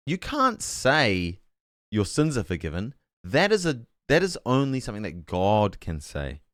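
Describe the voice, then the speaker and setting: Low smooth-voiced man streaming Bible talk. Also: dry recording, studio quality. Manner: thinks aloud, corrects himself mid-sentence; reads chat messages aloud with puzzled asides.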